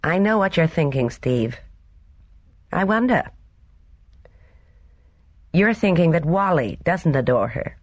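A reader voicing an impulsive young married woman in a storybook reading, talking in quick exclamations. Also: low-pitched, lively intonation, dry recording, highs cut off, heavily acted. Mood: emotional. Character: young woman, emotional, loyal wife.

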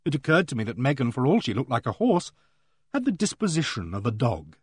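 A man's voice: mid-range voice, wildly swooping pitch, a little fast, breathy edge, dry recording. A man reading a novel aloud in first person, with dry, wry storytelling, close to the mic. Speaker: audiobook narrator. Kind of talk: scripted narration.

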